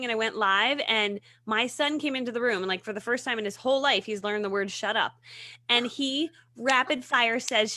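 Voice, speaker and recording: A woman in her thirties, a guest on a morning talk show, chatting casually and telling animated stories, laughing often. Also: a little high, a little fast, no room sound. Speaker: guest, video marketing coach. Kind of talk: casual chat.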